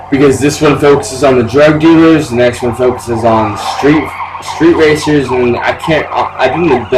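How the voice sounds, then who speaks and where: A young man casually commenting on a video game he is playing, rambling and joking with lots of swearing. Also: mid-range voice. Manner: profane, rambling, jokey. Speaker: let's play gamer. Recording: distant mic with clear background noise.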